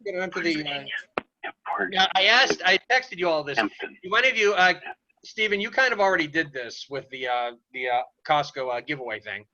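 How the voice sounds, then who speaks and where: A man hosts a casual roundtable, asking his questions haltingly with lots of fillers. His tone is sharp and bright, and the recording sounds dull and lo-fi. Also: fairly high pitch, expressive, no echo. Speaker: host.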